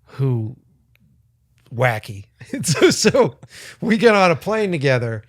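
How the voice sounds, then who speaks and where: A podcast co-host with a fairly high voice takes his time, recorded dry with clean studio sound. He tells a rambling, profane story casually, livening it up by acting out the voices in it.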